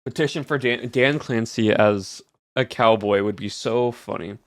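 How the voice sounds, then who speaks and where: A man's voice: lowish voice, steady tone, unhurried, fairly bright tone, no echo, clean studio sound. A man streaming, chatting casually with his viewers in a rambling way with many fillers and answers to chat.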